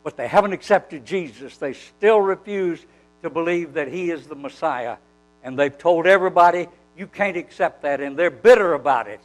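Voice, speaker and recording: A man preaching a sermon, telling a Bible story with animated storytelling and acting out the dialogue. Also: on the high side, normal speed, soft background music, rough recording.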